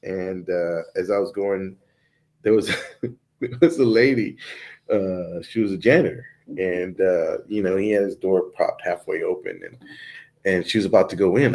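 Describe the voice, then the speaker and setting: A man, a comedian, telling stories in a casual comedy chat, animated and laughing through his lines. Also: low voice, normal speed, gravelly.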